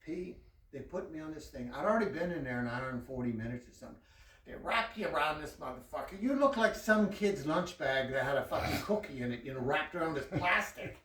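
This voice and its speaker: Profane, animated man telling a story. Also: on the high side, brisk, reverberant, far from the mic. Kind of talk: casual storytelling.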